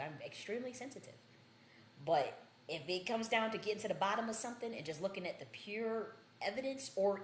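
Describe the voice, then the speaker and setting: A woman's voice: on the low side, echoey room, a little hiss or hum. A woman hosting a livestream, talking in a blunt, profane, rambling way with many restarts. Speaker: livestream host.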